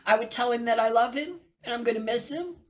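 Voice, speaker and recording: Middle-aged woman, a bit high voice, holding back tears, stops and repeats herself. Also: a bit bright. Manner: halting, emotional, pauses and repeats. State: near tears. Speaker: vlogger sharing personal loss. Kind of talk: tearful personal account.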